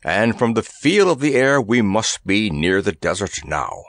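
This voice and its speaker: A man voicing a grumpy, proud male elephant in a storybook reading, with a gruff, grumbling manner. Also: on the low side, very animated, a little slow, dry recording, clean studio sound.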